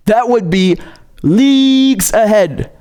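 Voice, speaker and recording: A man's voice: sits high, expressive, drawn-out words, a little mellow. A man hosting a livestream of political commentary. He reads viewer messages and rants angrily, with lots of swearing. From outside the United States. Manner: angry, profane ranting with laughter.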